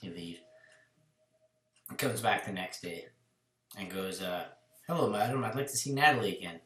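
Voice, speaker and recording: A man's voice: sits low, normal speed, a bit bright, reverberant. A man co-hosting a podcast in casual chat, telling crude jokes and stories with loose laughs. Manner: laughing, swearing, loose storytelling.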